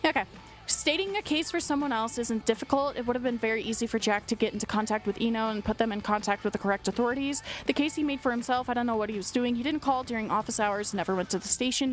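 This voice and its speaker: Young woman, streamer, congested, fairly high voice, blunt, sarcastic, profane, casual commentary. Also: quick pace, soft background music. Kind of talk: casual commentary reading a document aloud.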